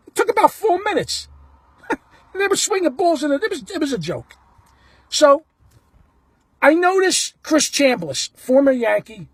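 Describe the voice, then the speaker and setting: A man's voice: very high-pitched, no echo. A man telling a story in a blunt, casual way, acting out what people said. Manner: animated, blunt, acts out the quotes. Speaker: baseball fan telling a story.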